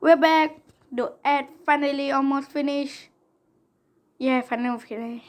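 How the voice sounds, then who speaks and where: High-voiced playful woman gamer. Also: fairly even intonation, normal speed. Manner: playful, bossy trash talk and sung racing noises. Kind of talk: game commentary.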